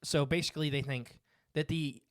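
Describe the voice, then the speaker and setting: A man's voice: on the high side, steady tone, normal speed, no room sound. A man co-hosting a casual podcast, reading facts from his notes and rambling with fillers and restarts. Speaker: podcast co-host. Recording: dry close mic.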